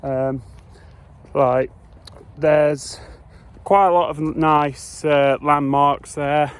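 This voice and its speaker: A man's voice: a little high, smooth. Rambling man vlogging outdoors. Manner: hesitant, rambling with many fillers. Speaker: travel vlogger. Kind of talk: casual vlog chat. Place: outdoors on city streets. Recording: faint street noise outdoors. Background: faint traffic and street ambience.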